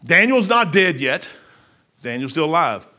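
A middle-aged man preaching a sermon in a folksy, emphatic way, repeating phrases and swinging between raised passages and quiet asides. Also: fairly high pitch, very animated, unhurried.

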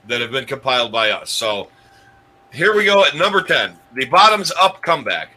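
A man's voice: medium pitch, expressive, normal speed, pushed and bright, poor audio. A man hosting a comedy countdown show, rambling with restarts and chuckling at his own jokes. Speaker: host.

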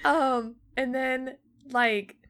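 Bright, smooth-voiced young woman chatting. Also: high-pitched, steady tone, drawn-out words. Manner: chatty storytelling, many fillers, acts out quotes. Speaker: podcast co-host. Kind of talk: casual chat.

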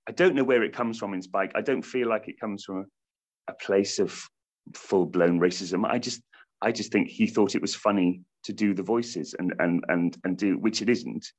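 Low-voiced British man, laughing and rambling. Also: normal speed. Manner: rambling, laughs often, many restarts. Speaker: stage actor playing a comedian. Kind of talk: casual interview chat.

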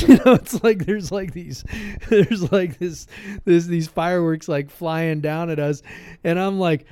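A man's voice: fairly high pitch, moderate pace, a little mellow, clean tone, dry recording, studio quality. A man co-hosting a podcast in casual chat, telling a rambling story full of fillers and restarts. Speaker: podcast co-host. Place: podcast room, shared with co-host.

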